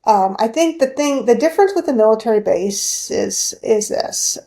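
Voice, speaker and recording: A woman who is a guest on a podcast, speaking in a measured, slightly hesitant way in casual chat. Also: on the high side, expressive, creaky, mellow.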